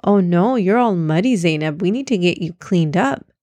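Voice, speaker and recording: Uma mulher fazendo um garotinho animado e cuidadoso. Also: female voice, lowish voice, lively intonation, moderate pace, a little mellow, dry recording. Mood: concerned. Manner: eager, caring. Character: cheerful young boy, caring big brother.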